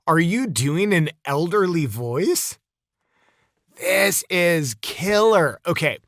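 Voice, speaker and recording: A man coaching voice actors, giving a casual, chatty critique of a demo with quick bursts of praise. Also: on the high side, expressive, a bit bright, no room sound, studio quality.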